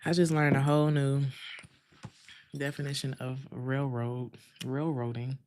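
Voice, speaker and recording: A woman's voice: extremely low pitch, level tone, a little slow, darkish tone, slight background noise. A woman giving a casual tarot reading, chatting with her viewers in loose, slangy speech and laughing often. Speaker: tarot reader.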